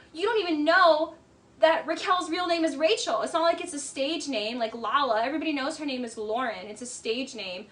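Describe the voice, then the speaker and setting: A woman hosting a casual reaction commentary, blunt and scornful, talking in animated rants full of "like" fillers. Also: sits high. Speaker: commentary host.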